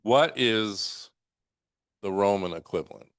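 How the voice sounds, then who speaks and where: A man co-hosting a casual radio chat, musing out loud with questions that trail off. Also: fairly low pitch, measured pace, dry recording, clean studio sound. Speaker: radio show co-host.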